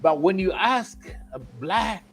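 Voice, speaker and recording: A man's voice: sits high, very animated, slow pace, faint music behind. A man with a Kenyan accent, a panelist on a casual livestream, telling stories emphatically and acting out quoted dialogue.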